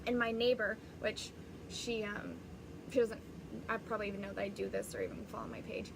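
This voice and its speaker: A woman's voice: medium pitch, big pitch swings, brisk, background noise. A woman hosting a live-streamed spiritual reading as a psychic medium, talking in a rambling, chatty way and often restarting.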